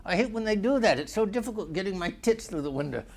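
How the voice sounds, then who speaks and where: Picture a man hosting his own comedy vlog, riffing crudely from one joke to the next. His pitch swings all over the place as he slips in and out of voices and a folksy drawl. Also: lively intonation, fast talker, creaky. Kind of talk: rambling comic monologue.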